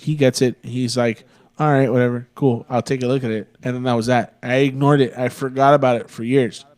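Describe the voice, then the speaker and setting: A man's voice: mid-range voice, steady tone, brisk, a little mellow. A young man from Texas, a podcast co-host, telling a long rambling story in a casual, profane way. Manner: profane, rambling, laid-back.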